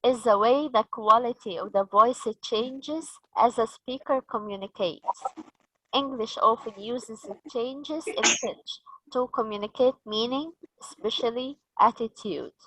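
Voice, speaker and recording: A woman's voice: on the high side, unhurried, a bit bright, rough recording. A woman running a teacher-training session, patiently explaining and asking the group questions. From Egypt.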